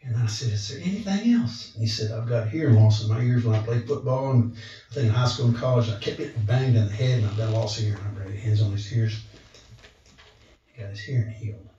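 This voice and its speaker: A man's voice: lowish voice, fairly quick, slight background noise. A man telling a storytelling testimony to a church gathering, acting out the voices he quotes. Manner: animated retelling, acts out quoted voices. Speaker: speaker sharing testimony. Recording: roomy, distant, dull church recording.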